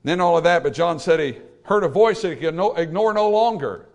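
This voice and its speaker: Man preaching a sermon, quiet to loud. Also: fairly high pitch, animated, brisk. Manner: rhetorical questions to a congregation.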